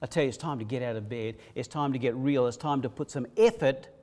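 A male pastor, preaching a sermon with emphatic repetition, swinging between loud bursts and quiet hushes. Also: medium pitch, fast talker. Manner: preaching with rising, emphatic repetition and sudden drops to a hush.

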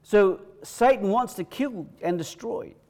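A male pastor, preaching a sermon with emphatic repetition, swinging between loud bursts and quiet hushes. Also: sits high, expressive, measured pace. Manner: preaching with rising, emphatic repetition and sudden drops to a hush.

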